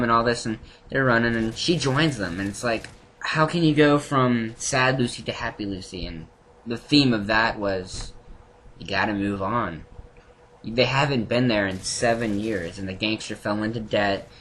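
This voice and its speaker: A man casually recapping and reviewing anime episodes, rambling, with many restarts and animated asides. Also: fairly low pitch, unhurried, a little hiss or hum. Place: home room.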